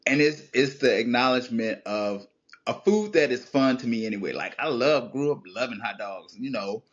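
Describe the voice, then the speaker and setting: A man guest on a podcast, telling childhood stories in a casual, heartfelt conversation, reflective and animated by turns. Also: mid-range voice, moderate pace, highs cut off. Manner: storytelling, reflective, animated when recalling childhood.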